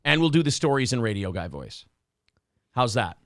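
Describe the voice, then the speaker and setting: A man's voice: medium pitch, very animated, moderate pace, no echo, clean studio sound. A man, hosting a show in casual chat, joking loosely and reading donor messages. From Minnesota. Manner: joking, loose, many fillers. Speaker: show host.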